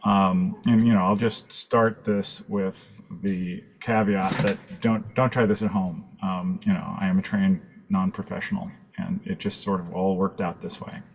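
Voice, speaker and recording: A man speaking as a guest photographer on a webinar, relaxed and rambling, with many fillers and asides. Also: sits low, a little slow, gravelly, few pauses, a little hiss or hum. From California. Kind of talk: casual presentation.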